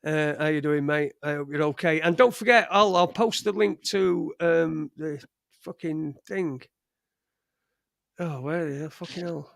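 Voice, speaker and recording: A man's voice: fairly high pitch, a little slow, creaky, fairly bright tone, no room sound. Swearing man, dry sound. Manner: crude, rambling, swears freely. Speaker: podcast host. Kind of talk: casual live-stream chat.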